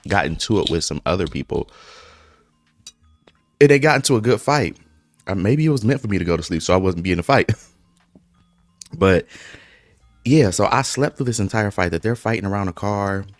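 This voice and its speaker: Man vlogger, deep voice, casual profane storyteller mid-meal. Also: no echo. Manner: speaks through eating breaks. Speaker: mukbang vlogger. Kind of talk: casual storytime while eating.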